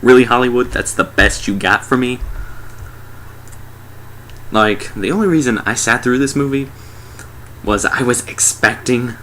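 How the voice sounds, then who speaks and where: A man's voice: medium pitch, fairly even intonation, a little slow, long pauses, fairly bright tone, slight background noise. A sarcastic young man giving a casual, mocking movie review.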